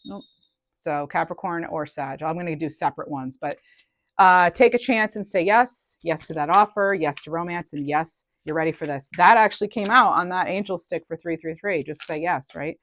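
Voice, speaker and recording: A woman's voice: on the low side, moderate pace, a bit bright, no echo. A woman giving a casual collective tarot reading, chatty and thinking aloud, often trailing off and restarting. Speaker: tarot reader.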